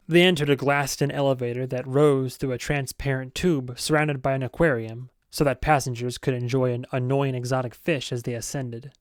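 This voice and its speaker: A man narrating a novel as an amateur audiobook reader, steady and with self-aware asides. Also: mid-range voice, dry recording, studio quality.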